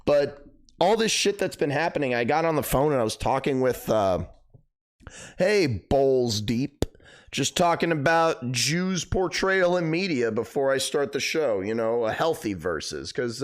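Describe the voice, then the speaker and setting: A young man hosting a live stream, chatting casually and rambling, swearing a lot, his voice cracking. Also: mid-range voice. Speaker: livestream host.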